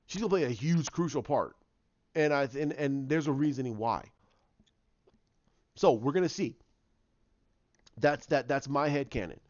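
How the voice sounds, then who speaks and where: A fairly high-voiced man rambles through a recap, and he jumps into the scenes to act them out. He stumbles and restarts often, and his voice sounds close and dry. The sound is muffled, with the top end dulled. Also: no room sound. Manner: rambling, animated, acts out scenes with repeated restarts. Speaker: show recapper. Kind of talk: casual spoken recap.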